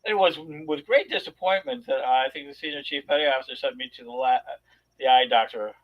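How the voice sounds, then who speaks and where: A man on a talk show telling a long personal story in a rambling, animated way, with many restarts. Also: mid-range voice, a little fast, highs cut off. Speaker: podcast co-host. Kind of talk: casual storytelling chat.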